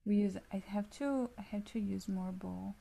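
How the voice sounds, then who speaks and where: Woman, mid-pitched voice, upbeat storytelling, laughs while talking, casual chat. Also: normal speed, creaky, dark tone. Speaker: music student.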